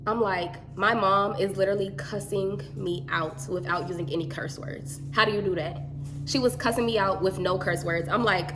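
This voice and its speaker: A woman telling a story in a casual chat, animated and slangy. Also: medium pitch, normal speed, over music.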